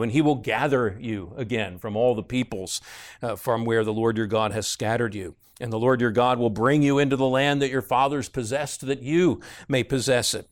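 Earnest male Bible teacher explaining scripture. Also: mid-range voice. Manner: earnest, explanatory, with frequent "uh" fillers and rising emphasis on key words.

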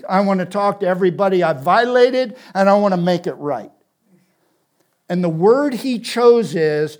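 A man preaching a sermon in an earnest, emphatic way, building on repeated phrases and dropping to a soft, intense tone. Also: high voice, lively intonation, unhurried.

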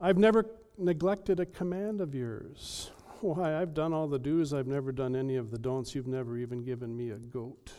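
A man's voice: steady tone, moderate pace, few pauses, warm tone, in a large hall, lightly acted. A male preacher voicing a resentful older brother who complains with rising indignation. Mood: resentful, indignant. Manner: indignant, rising to high-pitched outrage.

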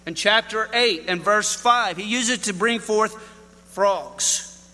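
A man's voice: high-pitched, slow pace, sharp tone, in a large hall. A man preaching a sermon, telling folksy stories and addressing the congregation directly. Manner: folksy storytelling with Southern address.

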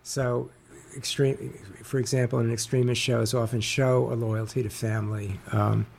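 Halting, gravelly-voiced man. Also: medium pitch, little pitch movement, darkish tone, slight background noise. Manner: halting, many fillers and restarts. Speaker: author guest. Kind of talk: interview conversation.

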